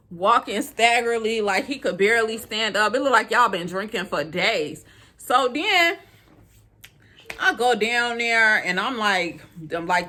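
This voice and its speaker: A young adult woman from Illinois telling a dating story to her viewers in a casual, animated way, laughing often. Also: on the high side. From Illinois, USA.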